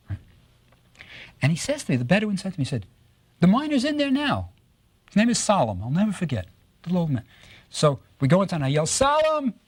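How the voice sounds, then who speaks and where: A man giving a recorded lecture on Egyptology, telling stories with lively rhetorical questions and frequent tag questions. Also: a little high, husky, dry recording. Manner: animated storytelling with rhetorical questions; tags statements with "right?".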